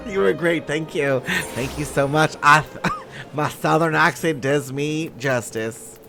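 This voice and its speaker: A man's voice: a little high, a little slow, creaky, pushed and bright, soft background music. A man streaming live, chatting casually between scenes, joking and swearing. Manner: joking, laughing, profane asides.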